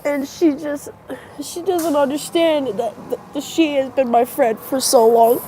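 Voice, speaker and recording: A woman's voice: sits high, steady tone, a little slow, dark tone. A woman with a stuffy nose from crying talks hesitantly and rambles into her phone outdoors. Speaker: vlogger. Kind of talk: casual rambling talk to camera. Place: outdoors by a road at dusk. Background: faint traffic.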